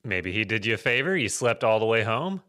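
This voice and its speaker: Male podcast co-host, wisecracking sidekick, animated bright voice, teasing. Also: on the low side, a little fast. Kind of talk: casual chat.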